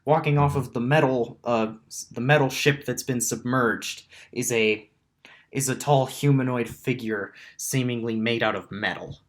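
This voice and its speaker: A man narrating a tabletop game as dungeon master, halting and restarting as he describes the scene. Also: medium pitch, fairly even intonation. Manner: halting, many restarts and ums.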